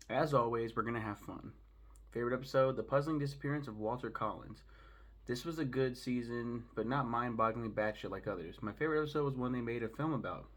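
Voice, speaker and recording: A man hosting a casual solo review from home, talking fast, rambling and swearing freely. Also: medium pitch, fairly bright tone, a little hiss or hum. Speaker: host reviewing a show.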